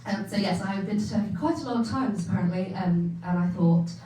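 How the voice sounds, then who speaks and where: A woman's voice: mid-range voice, quick pace, dark tone. A young woman from England performing a stand-up set, chatty and self-mocking, laughing often as she acts out her family. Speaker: stand-up comedian. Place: comedy club stage. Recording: echoey venue from far off, faint hum.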